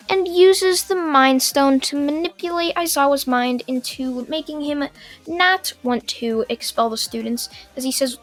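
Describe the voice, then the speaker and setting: A young woman narrating a fan-made story casually, in long run-on sentences with filler pauses. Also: sits high, faint music behind.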